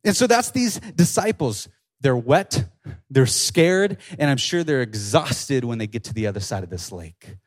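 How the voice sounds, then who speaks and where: A young man giving a casual youth sermon, animated and excitable, full of slang as he retells and reads a scripture passage. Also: mid-range voice, a little slow. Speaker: youth pastor.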